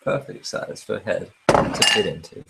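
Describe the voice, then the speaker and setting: A man's voice: low-pitched, normal speed, gravelly, very noisy. A man co-hosting a podcast in casual chat, with dry, laid-back banter. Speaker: podcast co-host.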